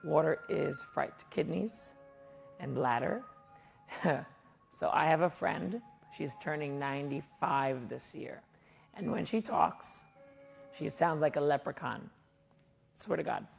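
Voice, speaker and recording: Gravelly low-voiced woman teaching qigong. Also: slow, long pauses, soft background music. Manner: chatty, folksy instructions with asides. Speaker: qigong instructor. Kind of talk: guided exercise class. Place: martial arts and fitness studio.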